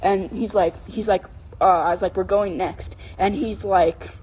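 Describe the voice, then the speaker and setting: A young woman co-hosts a casual podcast in a mid-pitched voice, telling a story in an animated, rambling way. She keeps checking in with "right?" and packs her talk with "like", and a faint hum sits behind her. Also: normal speed. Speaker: podcast co-host.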